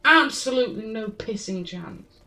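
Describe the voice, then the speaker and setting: A woman's voice: fairly high pitch, expressive, moderate pace, pushed and bright, recorded from a distance, a little hiss or hum. A woman streaming a game, swearing and talking to herself in frustration as she searches for the way forward. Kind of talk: live gameplay commentary.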